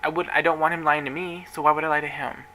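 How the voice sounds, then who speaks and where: Bright-voiced man telling a personal story. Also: on the high side, little pitch movement, quick pace, a little hiss or hum, rough recording. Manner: rambling, emotional retelling with acted-out quotes. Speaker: workplace manager. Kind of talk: confessional vlog storytelling.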